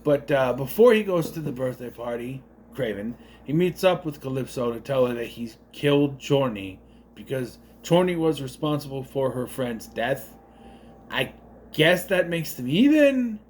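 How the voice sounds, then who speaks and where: Rambling man with lively pitch. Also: moderate pace, a little hiss or hum. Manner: rambling, unsure asides and self-corrections. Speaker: movie reviewer. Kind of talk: casual spoken movie review.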